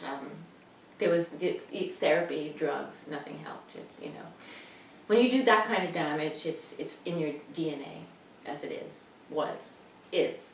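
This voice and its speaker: A woman's voice: deep voice, vocal fry, a bit bright. An older woman rambling wryly and self-deprecatingly in a casual personal video message at home. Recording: roomy, distant mic, faint noise.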